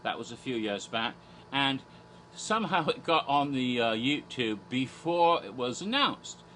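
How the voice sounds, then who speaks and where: A man's voice: mid-range voice, lively intonation, unhurried, a bit bright, a little hiss or hum. A man from Asia, an American English speaker talking in a fake British accent, rambling theatrically with silly asides. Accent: put-on British accent. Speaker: horror theme park vlogger. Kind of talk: rambling casual commentary in a persona.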